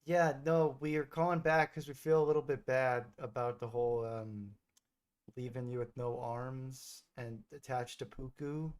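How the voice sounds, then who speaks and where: A man's voice: mid-range voice, steady tone, measured pace, clear, resonant tone. A man streaming, chatting casually and teasingly with frequent hesitations. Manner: playful, teasing, hesitant with many fillers. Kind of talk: casual gaming chat with an AI character.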